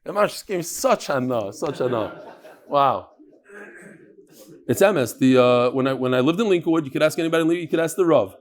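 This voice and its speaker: A man leads a live Talmud class with a slightly high voice that swoops up and down. He banters with his listeners and drops Yiddish and Hebrew words into his explanations. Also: animated, fairly quick. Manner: mixes Yiddish and Hebrew terms into his talk. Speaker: Talmud teacher.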